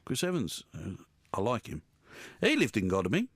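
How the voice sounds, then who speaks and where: A man's voice: fairly low pitch, wildly swooping pitch, moderate pace, husky, dry recording. A man presenting a radio show, bantering with guests in the studio in a rambling, teasing, self-mocking way. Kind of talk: jokey live studio banter.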